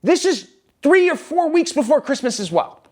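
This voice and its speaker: Man, high-pitched voice, personal vlog story, emphatic, rambling, restarts. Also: sing-song, moderate pace. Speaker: vlogger.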